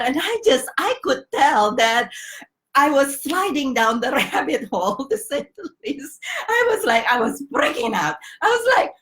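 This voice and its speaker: A middle-aged woman with a high, bright voice tells a personal story to her viewers in a relaxed vlog. She laughs often and jumps into the voices of the people she met. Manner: animated, laughs often, acts out dialogue. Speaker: life coach vlogger.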